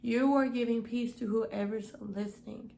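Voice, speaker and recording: A woman's voice: on the high side, fairly even intonation, moderate pace, vocal fry, dark tone, rough recording. A young woman giving a casual devotional Bible study, earnest and often checking in with "okay?". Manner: earnest, repeats "okay?" to the listener.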